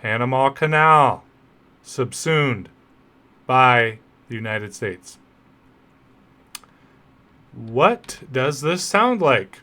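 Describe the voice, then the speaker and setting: A man's voice: mid-range voice, lively intonation, drawn-out words, long pauses, bright, forceful tone. A man hosting a podcast, talking straight to his listeners in a conversational political commentary monologue. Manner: conversational, rhetorical asides to listeners. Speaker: podcast host.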